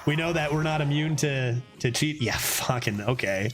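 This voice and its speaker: A man streaming a card game, thinking aloud in casual commentary and getting excited over close plays. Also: normal speed, few pauses, soft background music. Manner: excitable, thinks aloud, sometimes drops to a low put-on voice.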